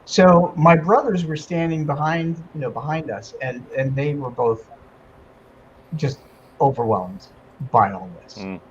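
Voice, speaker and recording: A man guest on a talk radio show, telling an emotional personal story in a casual, animated way with many fillers. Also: a little high, unhurried, muffled recording, slight background noise. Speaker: guest medium and author.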